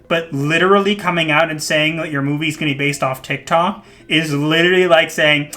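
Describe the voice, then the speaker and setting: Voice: mid-range voice, fairly even intonation, brisk, hardly any pauses, sharp tone. A podcast host chatting casually, opinionated and laughing often. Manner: opinionated, laughs often, jokey put-on voices. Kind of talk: casual chat.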